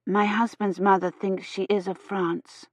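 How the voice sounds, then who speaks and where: A woman reading aloud, voicing a careful, gentle medieval noblewoman who speaks softly. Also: medium pitch, level tone, unhurried, no echo, close to an everyday voice. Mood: worried. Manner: soft-spoken and careful. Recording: slightly dull, dry audio.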